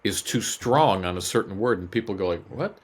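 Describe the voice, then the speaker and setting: A male voice actor chatting casually as a podcast guest, animated and quick to joke. His voice sits a little low. He talks in loose, conversational bursts. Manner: animated, jokey, slips into impressions.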